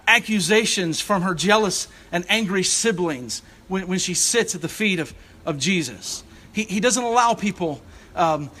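A man's voice: high voice, pushed and bright. A man preaching a sermon as a church's assistant rector, earnest and searching, often restarting his phrases. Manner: earnest, searching delivery with frequent restarts and fillers.

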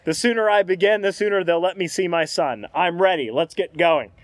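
A man's voice: high-pitched, brisk, no room sound, lightly acted. A man reading aloud as a bitter, grieving ghost mother who speaks in a raised, insistent voice. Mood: eager. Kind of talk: read-aloud scene in a sermon.

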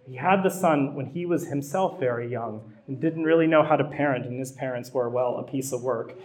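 A man's voice: medium pitch, a little mellow. A middle-aged man, a pastor, preaching a sermon in a conversational way that builds to emphatic repetition.

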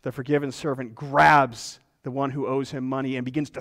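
A man's voice: mid-range voice, flat delivery, brisk, a bit bright. Man preaching in a reverberant hall. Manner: earnest, emphatic preaching. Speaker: pastor. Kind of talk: sermon.

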